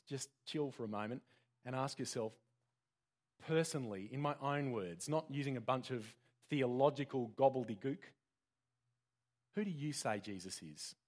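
Guy preaching in church, animated ups and downs, cracks jokes, asks the crowd stuff. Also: mid-range voice. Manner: lively, joking, asks the congregation questions. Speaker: pastor. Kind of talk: interactive sermon.

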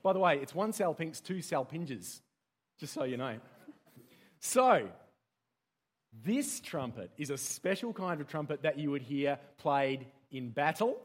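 High-voiced Australian man teaching a group. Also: animated, a little slow, husky. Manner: playful, quizzes the audience and repeats key words. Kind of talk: interactive teaching talk to a group.

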